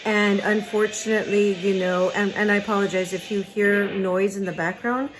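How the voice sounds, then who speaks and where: A woman in her thirties tells a painful personal story to her camera, halting and hesitant, with many fillers and restarts. Her voice sits at a middle pitch and she sounds choked up at times. A cartoon plays on a TV in the background. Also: fairly even intonation, low-quality recording. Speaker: craft vlogger.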